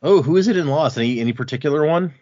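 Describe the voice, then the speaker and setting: A man's voice: on the high side, animated, racing, a little mellow. A man co-hosting a podcast, chatting casually about a book, laughing often and retelling scenes. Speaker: podcast co-host. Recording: dull lo-fi audio.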